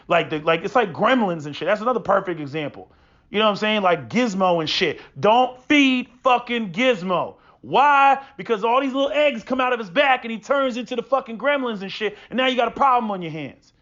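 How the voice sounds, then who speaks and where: A man with a high-pitched voice delivers a preachy, swear-filled monologue. He keeps tripping into stammered restarts before pushing on. The recording sounds dull and lo-fi. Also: lively intonation, fairly quick, a bit bright. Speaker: podcast host. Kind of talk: profane opinion monologue.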